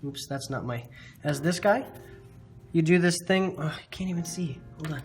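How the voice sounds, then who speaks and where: A man's voice: on the high side, moderate pace, a little mellow, faint music behind. A man hosting a casual drawing tutorial, rambling and poking fun at his own mistakes with lots of filler words. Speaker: art tutorial host.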